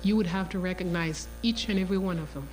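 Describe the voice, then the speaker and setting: A woman voicing a young woman who calmly and firmly sets her conditions in a soft, measured voice. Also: fairly low pitch, a little hiss or hum, pitched below the performer's own voice, lightly acted. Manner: quiet, measured, resolute. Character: calm, firm young woman setting terms.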